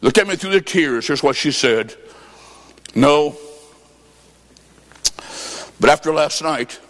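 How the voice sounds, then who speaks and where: A man preaching a revival sermon, telling a story with acted-out quotes and rising to shouts. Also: on the high side, lively intonation, slow pace, long reverb tail. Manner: fervent, shouting at peaks, acts out quotes.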